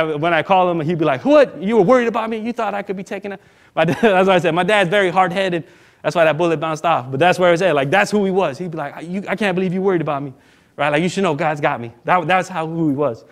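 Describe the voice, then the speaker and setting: A man, a minister telling a personal story in a casual, animated sermon and acting out the other people in it. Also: a little high.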